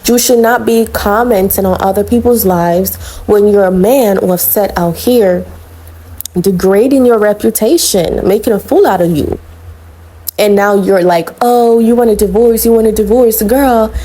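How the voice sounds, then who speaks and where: A woman's voice: mid-range voice, unhurried, warm tone, low-quality recording. A woman vlogging celebrity gossip in a casual, blunt and sassy way, calling out people and addressing viewers as honey. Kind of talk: casual opinionated commentary.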